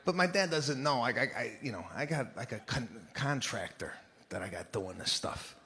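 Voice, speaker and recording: A middle-aged man doing a stand-up comedy set, telling stories in an exasperated, animated way and shouting his punchlines. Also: medium pitch, normal speed, slight background noise.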